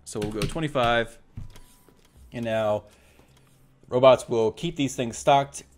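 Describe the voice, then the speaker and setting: This let's play host has a medium-pitched voice and takes things slowly, with slight background noise in the recording. He casually walks through his own play, thinking aloud, self-correcting, and addressing the robot units on screen.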